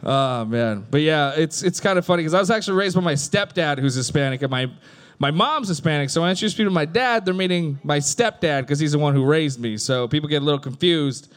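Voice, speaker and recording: A man in his thirties doing stand-up, telling a family story deadpan and putting on voices for the punchlines. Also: on the high side, quick pace, smooth. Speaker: stand-up comedian.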